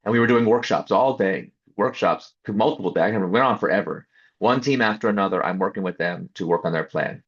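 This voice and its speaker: A man tells a story with a lot of energy, slipping into the voices of the people he quotes. His voice is husky and a little breathy. The audio is dull and lo-fi, with the top end muffled. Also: lowish voice, brisk. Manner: lively storyteller who acts out quoted voices. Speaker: interview guest. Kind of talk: animated storytelling interview answer.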